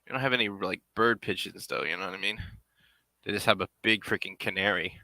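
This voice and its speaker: A man's voice: deep voice, brisk, creaky, sharp tone, dry recording. A man making a puppet on a live stream, rambling casually and half to himself as he works. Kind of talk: casual live-stream chat while working.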